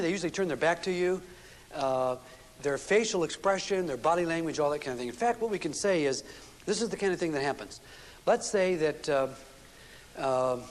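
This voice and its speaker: A man giving a seminar talk on relationships to a live audience, telling stories and acting out the dialogue in them. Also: on the high side. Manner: storytelling, acts out quoted dialogue. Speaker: relationship speaker. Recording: long reverb from a hall, faint noise.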